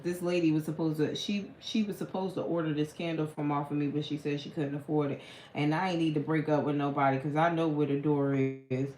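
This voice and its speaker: A woman tarot reader in casual late-night live chat, telling stories in a blunt, profane way. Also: sits low. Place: room at home at night. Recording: echoey room with faint hum.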